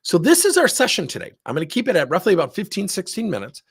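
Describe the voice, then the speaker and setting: A middle-aged man giving an energetic webinar talk as a training consultant, with a husky voice. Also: sits high, fast talker. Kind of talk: webinar presentation.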